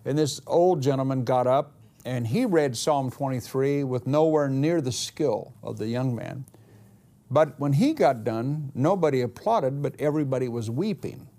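A male preacher delivering a sermon in an easygoing, conversational manner. His voice sits at an ordinary middle pitch. He often repeats himself and pauses to search for the right word. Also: dark tone.

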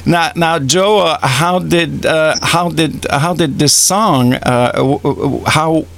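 A man hosting a radio interview, enthusiastic and halting, restarting his phrases often. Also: a little high, creaky, a bit bright. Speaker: radio show host. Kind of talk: casual radio interview chat.

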